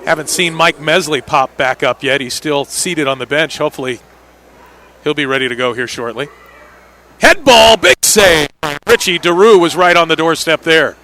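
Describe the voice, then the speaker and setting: Man, play-by-play commentator, bright cutting voice, slightly high, quick excited calls on big plays. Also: a little hiss or hum. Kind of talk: live indoor soccer play-by-play.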